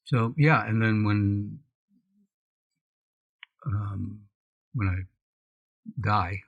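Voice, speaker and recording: A man with a lowish, husky voice chatting on a podcast. He halts and restarts often and slips in dry jokes. The sound is close and dry, with no room around it. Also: fairly even intonation, extremely slow, no echo, highs cut off. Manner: hesitant, restarts often, joking asides. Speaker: co-host. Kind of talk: casual podcast chat.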